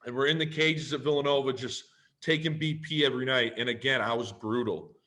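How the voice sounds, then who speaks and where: A man tells a long personal story on a podcast. His delivery is animated and loose, with frequent swearing. He acts out both sides of each conversation as he goes. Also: medium pitch, a little fast. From Canada. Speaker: podcast guest, pro football player. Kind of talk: casual storytelling.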